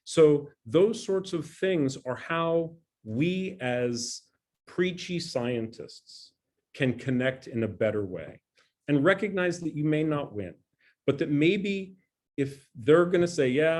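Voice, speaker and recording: A man's voice: mid-range voice, a little mellow. Earnest middle-aged man giving a talk. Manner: conversational, earnest, self-deprecating. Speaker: scientist giving an alumni talk. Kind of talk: presentation talk. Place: home dining room.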